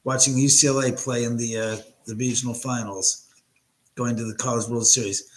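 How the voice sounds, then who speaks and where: A man's voice: medium pitch, steady tone, a little fast, fairly bright tone, low-quality recording. Chatty man hosting a home livestream. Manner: chatty, reads and answers chat comments aloud. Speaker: livestream host. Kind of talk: casual live chat with viewers. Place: at home, his own house.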